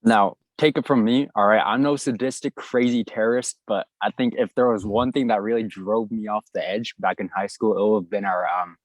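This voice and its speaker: A young man in his twenties telling a school story in a casual, animated way, playing out the voices of the people in it. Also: fairly low pitch, a little fast, hardly any pauses, no room sound. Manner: animated anecdote telling, acts out quoted voices. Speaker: guest YouTuber.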